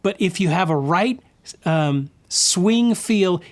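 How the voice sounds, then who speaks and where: A man's voice: high voice, expressive, slow pace. A man giving an instructional guitar lesson, explaining patiently and counting and scatting rhythms aloud. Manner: friendly, explanatory, with restarts. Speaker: guitar teacher.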